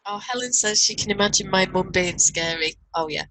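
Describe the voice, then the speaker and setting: A woman's voice: medium pitch, fairly quick, pushed and bright, rough recording. A middle-aged woman with a Northern English accent, co-hosting a casual online chat and reading out viewer comments. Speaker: co-host. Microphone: video call.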